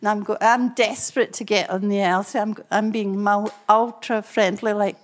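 An older woman, preaching and telling personal stories in a lively way, chuckling often. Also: medium pitch, moderate pace. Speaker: speaker and couple therapist. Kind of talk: preaching with storytelling.

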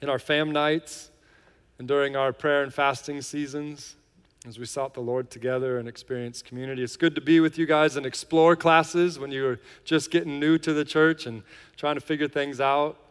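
A man's voice: on the high side, fairly even intonation, normal speed, clear, resonant tone. A man, a lead pastor, talking to his congregation in a chatty, joking way with lots of fillers. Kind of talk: casual sermon intro and worship lead. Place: large church hall. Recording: reverberant church hall.

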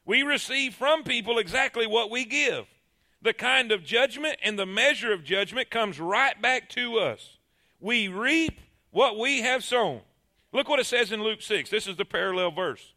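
A man's voice: sits high, lively intonation, unhurried, pushed and bright. A man preaching a sermon, emphatic and calling on the congregation to answer.

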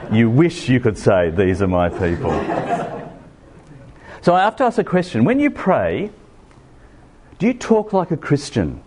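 A man's voice: fairly high pitch, wildly swooping pitch, normal speed, darkish tone, slight background noise. A middle-aged Australian man preaching a sermon in a conversational way, asking the congregation questions.

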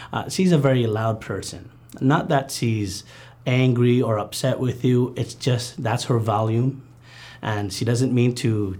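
A man recounting a painful childhood memory in an interview, earnest and halting, with many fillers and restarts. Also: medium pitch, a little mellow. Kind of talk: personal testimony interview.

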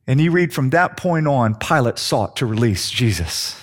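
A man preaching a sermon, slowing down and dropping his voice low for emphasis. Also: big pitch swings. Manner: dramatic, slows down and drops low for emphasis.

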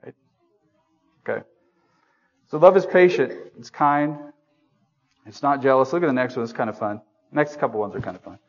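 Conversational male preacher, dull recording. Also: medium pitch. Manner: conversational, asking the congregation questions; self-deprecating humor. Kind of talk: sermon. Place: church meeting room.

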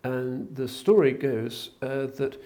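A man telling a spiritual story in a relaxed talk, hesitant with frequent fillers and dropping in foreign phrases. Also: medium pitch, slow. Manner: drops in phrases of another language.

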